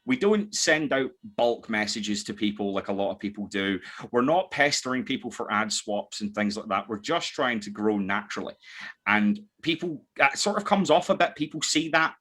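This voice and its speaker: A man's voice: on the low side, animated, bright, forceful tone. A man with a mixed Scottish accent, hosting a casual podcast chat full of joking and swearing. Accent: Scottish, mixed from living in many places. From Scotland. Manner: swearing, joking, quick banter with restarts. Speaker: podcast host. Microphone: desk mic.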